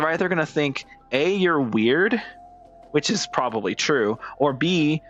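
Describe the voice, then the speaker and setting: Young male gamer, rambling, giggly, animated pitch, faint music behind. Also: lo-fi sound. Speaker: gaming streamer. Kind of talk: casual gameplay commentary.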